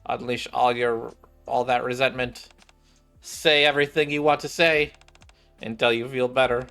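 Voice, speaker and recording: A man's voice: medium pitch, fairly even intonation, moderate pace, vocal fry, a bit bright, clear, resonant tone, soft background music. A man voicing an earnest young girl who coaxes and encourages an abandoned cat, in a game scene. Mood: coaxing. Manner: coaxing, encouraging.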